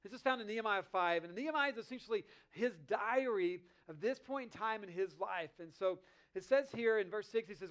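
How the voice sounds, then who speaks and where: A man with a notably high voice delivers a sermon. He reads scripture passages slowly and deliberately, then breaks them down in a relaxed, conversational manner. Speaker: pastor.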